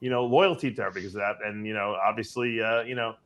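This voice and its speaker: A man speaking as a therapist in calm, measured counseling talk, reflective and halting. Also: on the low side.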